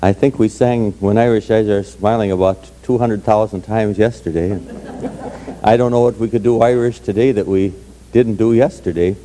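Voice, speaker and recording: A hoarse man telling folksy jokes to an audience in a parlor. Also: fairly low pitch, steady tone, moderate pace, warm tone, a little hiss or hum. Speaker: entertainer telling Irish jokes.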